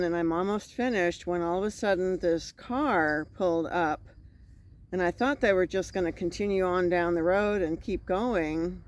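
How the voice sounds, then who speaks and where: A woman vlogger casually retelling a scary night, acting out the voices she quotes. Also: lowish voice. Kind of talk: casual storytelling.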